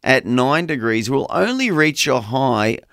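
A man's voice: medium pitch, big pitch swings, measured pace, fairly bright tone, no echo, studio quality. Chatty male radio host. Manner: chatty, enthusiastic. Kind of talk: breakfast radio chat. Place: radio studio. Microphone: studio microphone.

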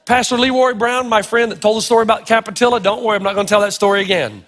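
Middle-aged pastor with a very high voice, playful storyteller, hall reverb. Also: male voice, racing, fairly bright tone. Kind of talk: sermon.

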